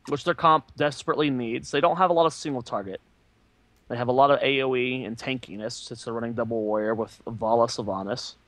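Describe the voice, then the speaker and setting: A man's voice: medium pitch, fairly bright tone, no echo. Man casting an esports match. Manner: joking, analytical banter. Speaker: esports caster. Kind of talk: esports play-by-play commentary. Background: faint game music.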